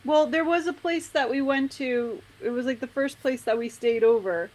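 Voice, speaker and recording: A woman's voice: high-pitched, normal speed, darkish tone, low-quality recording. Playful woman ordering at a tabletop game. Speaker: player.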